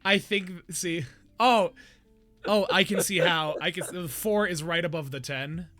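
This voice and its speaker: A man's voice: high voice, measured pace, pushed and bright, soft background music. Chatty man explaining things at length. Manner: laughs often, explains things at length with many restarts. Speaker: podcast host. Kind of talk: casual chat.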